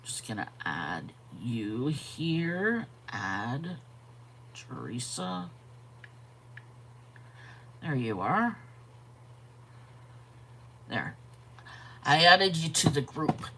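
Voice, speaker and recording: A woman hosting a live art stream, chatting casually, greeting viewers by name and pausing to yawn and correct herself. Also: low-pitched, very animated, pushed and bright, a little hiss or hum. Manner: frequent yawns and self-corrections. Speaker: art channel host.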